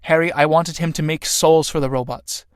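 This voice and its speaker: Earnest young woman pleading soft and slow, guy reading her in a play reading, kinda high voice, dry sound. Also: fairly even intonation, clean tone, no echo, natural voice.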